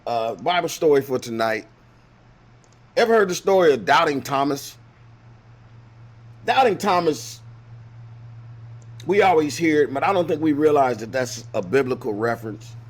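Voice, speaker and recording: A man hosting a show, retelling a Bible story as casual comedy with slang, acting out the characters in lively voices. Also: on the high side, moderate pace, long pauses. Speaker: host.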